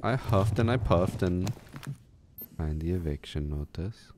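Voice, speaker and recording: A man's voice: deep voice, animated, a little slow, very noisy. A man streaming a shooter game, talking in a laid-back, joking way with his co-player. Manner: laid-back, laughing, self-deprecating. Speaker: gaming streamer. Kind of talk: casual gameplay chat.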